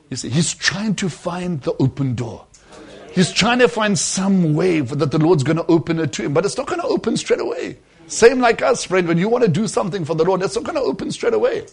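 A man preaching a sermon, telling a story and calling his listeners friends, dropping to a hush and rising to emphasis by turns. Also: fairly high pitch, animated, moderate pace, slightly rough. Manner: swings between hushed and emphatic, addresses listeners as friends.

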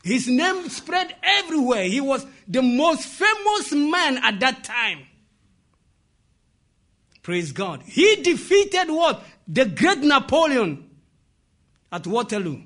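A man's voice: extremely high pitch, pushed and bright. A man preaching a sermon and telling a story, breaking in with "praise God" and asking the congregation to fill in the words. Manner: call-and-response, asks "what?" for the congregation to fill in; interjects "praise God" and "amen".

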